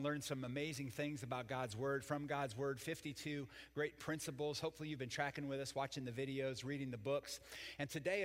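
A man's voice: mid-range voice, a bit bright, big-room sound. An older man preaching a sermon as pastor, folksy and joking with the congregation. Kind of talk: sermon with jokes.

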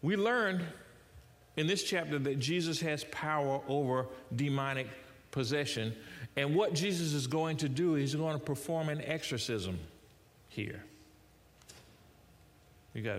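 Man preaching, fairly high voice, conversational, rhetorical questions, long hall reverb. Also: a little slow, long pauses. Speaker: pastor. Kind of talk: sermon with scripture reading.

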